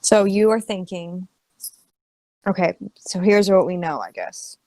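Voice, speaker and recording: A woman's voice: on the low side, expressive, unhurried, a little mellow, dry recording, rough recording. A woman player talking in character in a tabletop game, asking questions and often restarting her sentences. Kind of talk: in-character roleplay chat.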